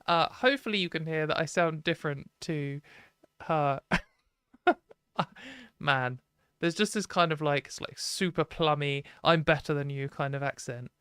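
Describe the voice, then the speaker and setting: A British woman hosting a live stream, talking casually and frankly with lots of "like" and quick laughs. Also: sits low, lively intonation, a bit bright, smooth, no echo. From Britain.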